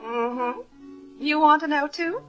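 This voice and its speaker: An actress playing a flirtatious, theatrical rich woman who teases in a breathy, drawn-out way, in 1940s radio acting. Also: sits high, pushed and bright, dull audio, faint music behind, exaggerated voice. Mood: teasing. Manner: breathy, teasing, drawn-out purring.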